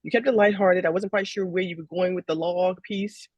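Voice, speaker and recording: A woman's voice: lowish voice, steady tone, brisk, a little mellow, no room sound. A woman who is a talent manager, giving upbeat feedback to an actor and repeating her points. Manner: upbeat, laughs, repeats herself.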